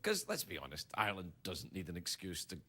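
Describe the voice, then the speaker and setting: Animated late-night host joking. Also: male voice, sits low, brisk, very noisy. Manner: animated, joking, laughing at own jokes. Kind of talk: comic monologue. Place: TV studio with live audience.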